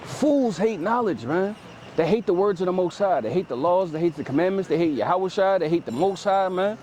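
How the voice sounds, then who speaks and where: A man's voice: high-pitched, fairly quick, slight background noise. A man preaching outdoors, explaining scripture in loose street slang and tagging phrases with "man". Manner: lively and emphatic, paraphrases scripture in street speech.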